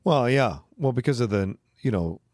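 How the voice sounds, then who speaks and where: A man co-hosting a film podcast, talking casually and thinking out loud. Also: medium pitch, animated, normal speed, no echo, studio quality. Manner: rambling, thinks out loud with fillers. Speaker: podcast co-host. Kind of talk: casual film review chat.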